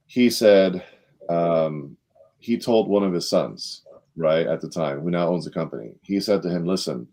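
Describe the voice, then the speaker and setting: A middle-aged man on a leadership panel, telling an anecdote and acting out the quotes with a lifted voice. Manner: animated storyteller, acts out quotes with rising pitch. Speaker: panel guest, former sales director. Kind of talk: storytelling in a leadership panel talk.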